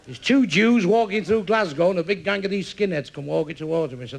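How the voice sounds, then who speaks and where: A man with a Mancunian accent doing crude stand-up, telling jokes rapid-fire with deadpan punchlines on a club stage. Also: sits high, gravelly. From Manchester, England. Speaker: stand-up comedian.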